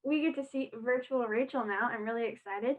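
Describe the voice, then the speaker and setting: A woman's voice: on the high side, a little fast. A woman host, upbeat and enthusiastic, introducing the next performer. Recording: tinny phone-like line.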